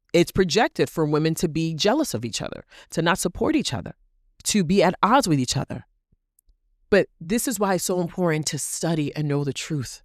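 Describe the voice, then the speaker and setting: A woman's voice: on the low side, darkish tone, no echo, clean studio sound. A woman hosting a solo podcast, talking animatedly, asking rhetorical questions and repeating phrases for emphasis. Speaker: podcast host.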